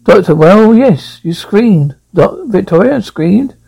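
A man's voice: high-pitched, expressive, takes it slowly, gravelly, warm tone, husky, heavily acted, low-quality recording. A man voicing an eager, resourceful male traveller, reading a script and stumbling over words. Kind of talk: script read aloud.

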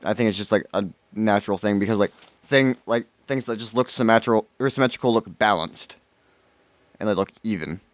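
A man's voice: lowish voice, fairly quick, no echo. A man on a podcast in casual chat, laid-back and hesitant with many fillers. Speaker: podcast co-host reading reviews.

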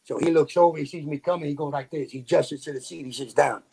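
Man, new york accent, gravelly and husky, streetwise storyteller. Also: on the high side, quick pace. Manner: streetwise, animated, full of slang and fillers. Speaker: podcast guest. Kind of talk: casual storytelling.

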